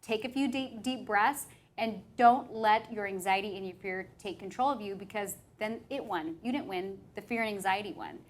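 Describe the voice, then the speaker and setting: A woman's voice: mid-range voice, normal speed, slight background noise. A woman hosting a podcast in casual chat, a rambling, self-deprecating storyteller. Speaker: podcast host and hair trainer.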